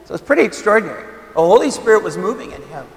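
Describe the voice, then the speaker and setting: A high-pitched man preaches a homily in a loose, conversational way, leaning on fillers and repeating his key points for emphasis. The recording is roomy, with the long reverb of a church hall. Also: big pitch swings, rapid-fire, vocal fry. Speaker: Catholic priest.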